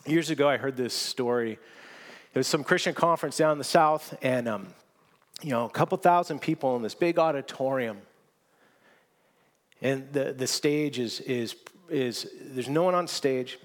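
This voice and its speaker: A man preaching a sermon, telling stories with lively swings from near whispers to loud exclamations, often restarting his words. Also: mid-range voice, moderate pace. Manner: animated storytelling, swinging from hushed to shouting; frequent restarts and repeated words. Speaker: pastor.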